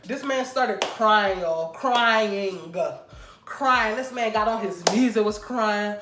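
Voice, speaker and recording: A young woman vlogger telling a casual storytime, animated and chatty, talking straight to her viewers. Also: on the high side, a little slow. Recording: roomy room with faint background noise.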